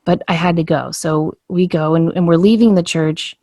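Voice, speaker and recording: A woman's voice: lowish voice, moderate pace, dry recording, clean studio sound. A woman telling a personal story in a casual podcast conversation, acting out the dialogue as she goes. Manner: animated storyteller, acts out quoted dialogue.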